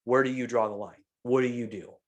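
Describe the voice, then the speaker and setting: Animated, swearing male podcast host. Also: mid-range voice, fairly quick, dull audio. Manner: animated storyteller, swears freely, acts out quotes. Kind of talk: casual podcast chat.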